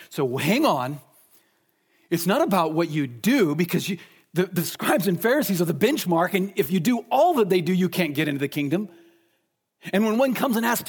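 Man, preacher, sermon, high-pitched voice, emphatic, rhetorical questions, shifting pace. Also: big pitch swings, normal speed, husky.

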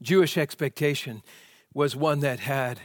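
A pastor preaching a sermon, asking rhetorical questions and swinging from loud emphasis to hushed tones. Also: male voice, mid-range voice, unhurried, no room sound, clean studio sound.

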